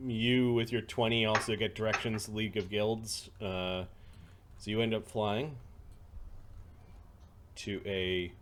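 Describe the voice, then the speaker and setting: A man's voice: on the low side, level tone, slow pace, long pauses, a bit bright. A man narrating a tabletop game as game master, with many hesitant ums and uhs.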